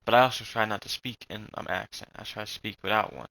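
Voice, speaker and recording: A young man with a slight Southern accent rants loosely and swears often as he plays. His voice is bright and tense, and the recording is dry with no room sound. He talks in a rambling way and keeps restarting his sentences. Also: on the low side, fast talker, gravelly, no echo, poor audio. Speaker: vlogger. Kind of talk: rambling casual rant.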